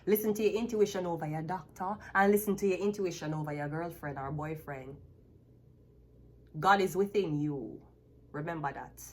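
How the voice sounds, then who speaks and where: A woman's voice: on the low side, breathy edge. A woman, a tarot reader ranting bluntly and profanely to the camera. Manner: profane, blunt, emphatic, laughs often. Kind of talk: unscripted rant to camera.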